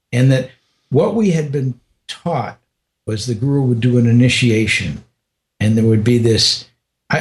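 An older man shares a story from his own life during an interview. He stops and restarts often, his medium-pitched voice regularly falling soft.

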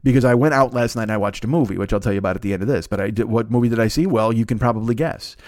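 A man's voice: fairly low pitch, racing, darkish tone, no echo, clean studio sound. Rambling, profane male podcast host. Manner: profane, self-mocking, meandering asides. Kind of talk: rambling solo podcast monologue. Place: home studio at a desk.

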